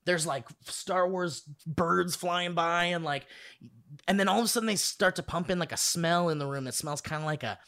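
A man's voice: sits high, moderate pace, a bit bright. A man chatting casually as a podcast co-host, rambling with lots of fillers. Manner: rambling, many "like" fillers, laughing often. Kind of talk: casual chat.

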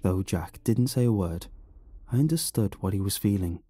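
Dramatic, husky horror narrator, male, with lively delivery and faint music underneath. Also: fairly low pitch, moderate pace, dry recording. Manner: expressive, dramatic reading. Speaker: storyteller.

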